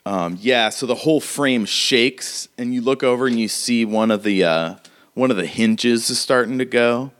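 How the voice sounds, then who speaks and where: A man's voice: mid-range voice, moderate pace, a bit bright. A man narrating a tabletop game as game master, describing the action casually and vividly, with lots of fillers.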